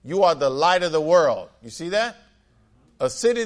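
Man preaching with lively call-and-response. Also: fairly high pitch, moderate pace. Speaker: pastor. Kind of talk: sermon.

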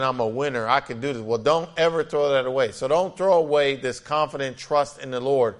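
A man pastor preaching an emphatic sermon with frequent amens and scripture readings. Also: mid-range voice.

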